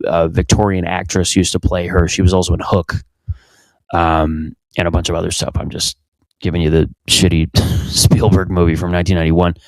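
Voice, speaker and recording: A man's voice: deep voice, a little mellow, dry recording. A young man hosting from his home basement, rambling crudely through a casual comedic monologue and interrupting himself often. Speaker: podcast host.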